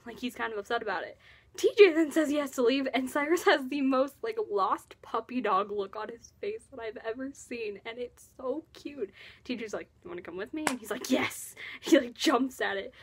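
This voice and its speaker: Brief: young woman fan vlogger, higher voice with a slightly husky edge, excitable and giggly. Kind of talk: casual fan commentary.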